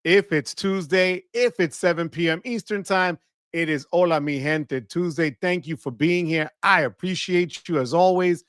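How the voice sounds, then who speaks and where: A man's voice: a little high, normal speed, fairly bright tone, no echo. A man hosting a live credit card stream from his studio, upbeat and chatty, greeting viewers one by one and mixing in Spanish words, his voice a little off from allergies. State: voice affected by allergies. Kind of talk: casual livestream chat. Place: home studio. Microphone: close studio mic.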